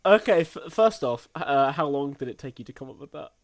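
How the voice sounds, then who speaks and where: A young man co-hosts a casual film podcast and defends his pick with playful teasing. His voice sits fairly high for a man and moves in lively swings. He laughs easily between his points. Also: brisk. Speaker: podcast co-host.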